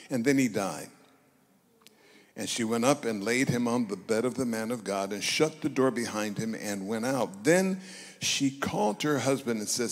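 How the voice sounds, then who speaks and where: A man in his eighties preaching a sermon, retelling a scripture story and calling on the congregation to respond. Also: medium pitch. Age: 80s. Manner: lively storytelling, acting out quotes and calling on the congregation. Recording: long reverb of a large hall.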